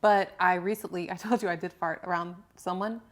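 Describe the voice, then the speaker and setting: A young woman co-hosting a casual podcast, telling candid stories with giggles and animated bursts. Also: on the low side, a little fast. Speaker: podcast co-host, personal trainer. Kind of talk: casual chat.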